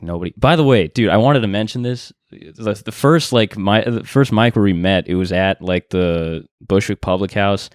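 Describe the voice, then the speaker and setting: A man's voice: lowish voice, smooth, dry recording, studio quality. A male comedian in a casual podcast chat who rambles with lots of fillers and laughs easily.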